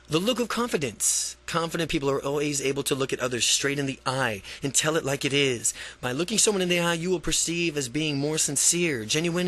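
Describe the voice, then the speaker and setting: A man's voice: a little high, fairly bright tone. A man reading a self-help book aloud, often stumbling, repeating and restarting phrases, and adding his own asides. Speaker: audiobook reader.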